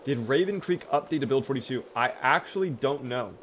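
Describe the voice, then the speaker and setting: A man's voice: medium pitch, a little fast, a little hiss or hum. Chatty man streaming a game. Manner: chatty, talks to chat, bursts of excitement. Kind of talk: live game commentary.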